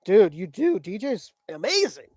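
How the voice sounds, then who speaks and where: An enthusiastic podcast co-host trading slangy banter in casual chat. His voice sits at a middle pitch and sounds dry and close, with no room echo. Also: sing-song, moderate pace, a little mellow.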